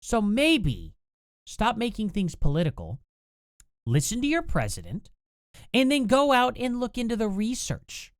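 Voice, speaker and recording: A host ranting in casual political commentary from a home setup, sarcastic and animated, with laughing asides, recorded on a computer mic without a compressor. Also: medium pitch, unhurried, no room sound, clean studio sound.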